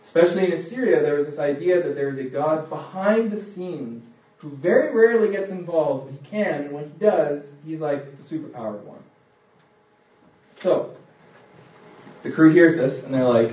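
Pastor preaching in an echoey church. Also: male voice, fairly high pitch, normal speed. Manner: conversational storytelling, acts out voices. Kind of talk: sermon. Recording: echoey, distant, dull church recording.

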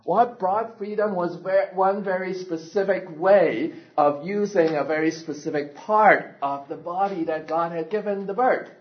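Male pastor, storytelling sermon, fairly high voice, animated, muffled low-fi sound. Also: a little slow, few pauses. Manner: animated, laughs often, asks the audience questions. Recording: dull lo-fi recording.

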